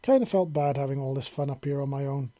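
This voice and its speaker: A man reading the lines of a playful, devoted young man in armor who teases gently and speaks tenderly to his partner. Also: mid-range voice, fast, no echo, lightly acted. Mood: gentle, warm. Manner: playful, teasing, then gentle.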